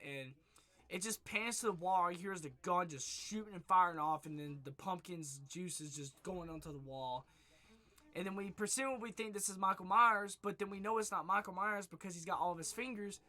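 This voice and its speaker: Excited, swearing man retelling a movie. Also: fairly high pitch. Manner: excited, profane, rambling retelling. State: losing his voice. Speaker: movie reviewer. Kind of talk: casual spoiler review monologue. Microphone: webcam.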